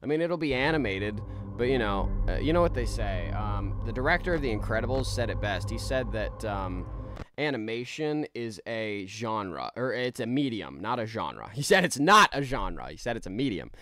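A man's voice: lowish voice, big pitch swings, normal speed, noisy background. A man streaming a game live, rambling in a laid-back way with many restarts as he reads out chat. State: tired.

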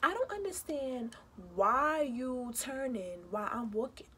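A young woman telling a story casually to her viewers, animated and indignant, acting out the people in it. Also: high-pitched, unhurried, a little hiss or hum. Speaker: vlogger.

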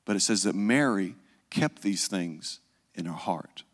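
A man's voice: deep voice, expressive, unhurried, long reverb tail. A man, preaching a sermon in a conversational storytelling manner and often asking "right?". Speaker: pastor.

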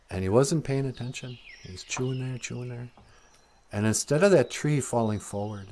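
A man telling a folk tale outdoors in a relaxed, conversational way. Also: lowish voice. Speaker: storyteller. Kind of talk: casual oral storytelling.

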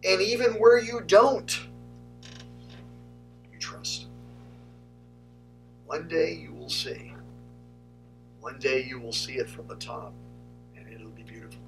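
Pastor, man, gravelly tone, talks straight to his church, heard from across the room. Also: medium pitch, measured pace, pauses often, a bit bright, far from the mic, faint music behind, low-quality recording. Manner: conversational, direct preaching to the congregation. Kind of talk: sermon.

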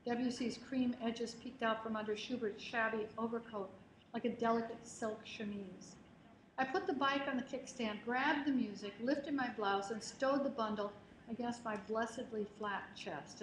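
A woman author giving a public reading of her memoir, in a measured, expressive voice that lingers on phrases. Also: fairly high pitch. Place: lecture hall at a reading event. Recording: roomy hall, faint noise, livestream.

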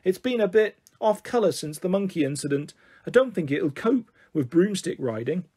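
A man's voice: sits high, expressive, moderate pace, mellow, husky. A man voicing a big, cheeky, confident schoolgirl witch in a storybook reading, in a raised voice. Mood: rueful. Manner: confident, mischievous.

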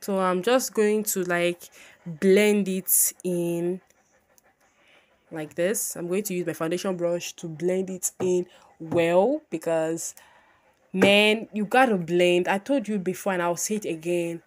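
Brief: chatty woman host, low-pitched, bubbly and repetitive, casual tutorial talk. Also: steady tone, slow pace. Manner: chatty, bubbly, repeats herself often.

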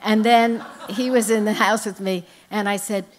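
A woman's voice: mid-range voice, fairly even intonation, normal speed, slight background noise. An older woman, an author, telling humorous anecdotes on stage at a live event. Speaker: author guest at a book festival. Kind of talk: storytelling on stage.

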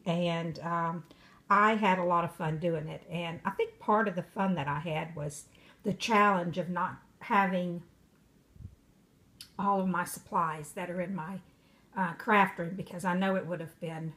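An older woman with a slightly low-pitched voice talks through her craft project in a relaxed, informal way. She speaks unhurriedly and pauses often with little fillers as she explains. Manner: chatty and unhurried, with frequent fillers. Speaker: craft vlogger. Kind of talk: casual craft show-and-tell. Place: away from her home craft room.

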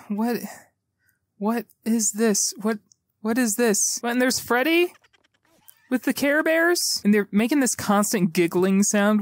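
A man's voice: sits high, no room sound, clean studio sound. A young man doing sarcastic gameplay commentary, swearing and talking back to characters on a headset mic. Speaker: gaming YouTuber. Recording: loud game music behind.

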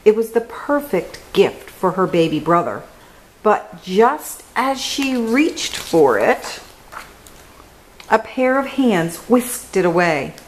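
A woman hosting a children's reading show, reading a picture book aloud in a gentle, careful way. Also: medium pitch, very animated, takes it slowly, slight background noise, poor audio. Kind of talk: storybook read-aloud.

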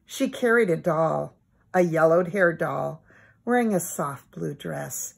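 An older woman reading a children's storybook aloud as the host of a story time. Her delivery is slow and chatty, and her voice has a soft, husky grain. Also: sits low, animated. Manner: chatty, homely, reminiscing asides.

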